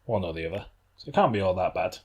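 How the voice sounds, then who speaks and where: A man's voice: low voice, animated, slightly rough. A man co-hosting a podcast, telling rambling anecdotes in loose, casual chat that often breaks off and restarts. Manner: rambling, self-interrupting anecdotes with quick laughs. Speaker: podcast co-host.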